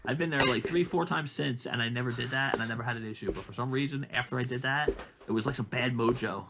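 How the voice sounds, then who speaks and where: A man's voice: medium pitch, quick pace, gravelly. A man co-hosting a casual chat podcast, rambling through profane stories. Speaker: podcast co-host. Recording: steady background noise.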